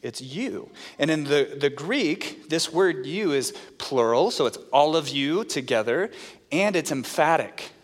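A man's voice: a little high, animated, a little slow. A man preaching a sermon to a congregation, explaining a scripture passage in an earnest teaching tone and asking the listeners questions. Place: church sanctuary. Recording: reverberant hall.

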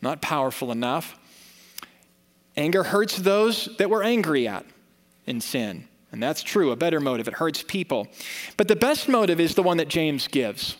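Pastor, male, slightly high voice, earnest conversational sermon delivery, reverberant sanctuary sound. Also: expressive, moderate pace. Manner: earnest, conversational preaching with rising emphasis. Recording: long reverb of a church hall.

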